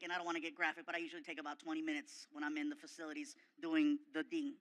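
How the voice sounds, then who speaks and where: Bright-voiced, excitable male comedian. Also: on the high side, racing. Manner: animated, excitable, self-mocking. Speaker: guest comedian. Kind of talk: comedic storytelling in an interview.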